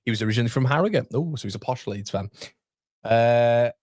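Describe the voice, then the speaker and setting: A man's voice: medium pitch, animated, fast talker, darkish tone, no room sound, studio quality. A young man, hosting a casual livestream and chatting through viewer comments with self-deprecating asides. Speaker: host. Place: home streaming studio.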